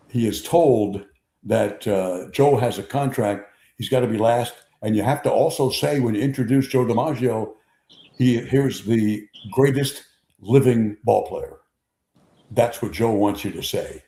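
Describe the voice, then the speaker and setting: An older man hosting a sports talk show, telling stories in an animated, casual way and acting out quotes. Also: mid-range voice. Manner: animated raconteur, acts out quotes. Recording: echoey room.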